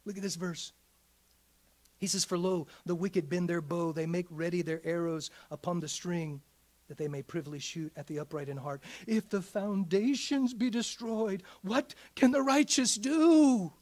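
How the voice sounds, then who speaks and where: A man preaching a midweek sermon in a church, swinging from hushed whispers up to shouts. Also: sits high, normal speed. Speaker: pastor.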